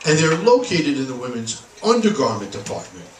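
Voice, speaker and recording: A man doing a sarcastic stand-up comedy set in a bar, telling deadpan punchlines. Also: medium pitch, fairly quick, a little hiss or hum. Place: bar stage, live room. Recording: echoey bar recorded from a distance.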